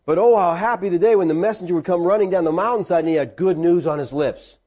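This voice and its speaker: A man preaching a conversational sermon, teaching a class and putting questions to them. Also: quick pace. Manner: animated, swings between high and low pitch. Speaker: pastor.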